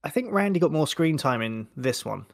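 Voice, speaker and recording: Fairly high-voiced man, chatty and dry. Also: expressive, brisk, gravelly, dry recording. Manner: chatty, slips into mimicking people. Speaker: podcast co-host. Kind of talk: casual film chat.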